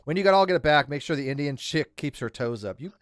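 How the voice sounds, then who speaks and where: A man's voice: a little high, expressive, fast talker, clear, resonant tone, no room sound, clean studio sound. A man hosting a casual group video chat, joking and swearing freely as he banters. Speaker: host.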